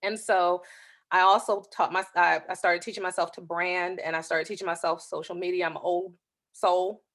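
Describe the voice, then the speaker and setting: A woman's voice: fairly low pitch, brisk. A woman in her thirties, an author hosting her own show, casually telling a personal story and acting out the other people's lines. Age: 30s. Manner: lively, acts out the voices in her story.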